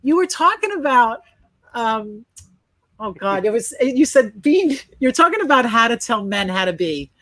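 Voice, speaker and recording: A woman's voice: fairly high pitch, very animated, a little slow, a bit bright, no room sound. A woman from Brooklyn with a New York accent, hosting a casual interview and cheering her guest on. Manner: enthusiastic, affirming. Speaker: talk show host.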